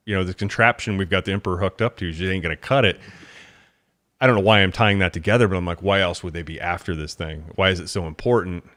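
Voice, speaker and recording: Deep-voiced man in casual podcast chat. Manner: animated, self-correcting, stammers on repeats. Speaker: podcast co-host.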